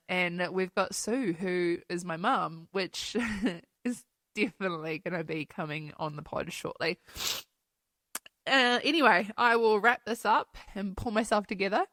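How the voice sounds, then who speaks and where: A woman's voice: on the low side, normal speed, fairly bright tone, no echo, studio quality. A woman hosting a casual solo podcast, talking candidly and emotionally, laughing often and swearing casually. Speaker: podcast host. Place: New Zealand home.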